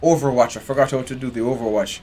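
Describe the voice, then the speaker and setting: A man's voice: mid-range voice, steady tone, fast, warm tone, faint music behind. A man giving live commentary while playing a strategy game, chatting and talking to his game characters. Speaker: game streamer.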